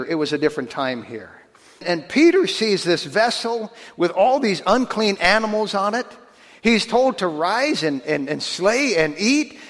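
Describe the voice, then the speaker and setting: A man preaching a sermon with a high, bright voice, his words ringing out in a hall with a long reverb. He talks in a folksy, animated way and acts out the voices of the people in his stories.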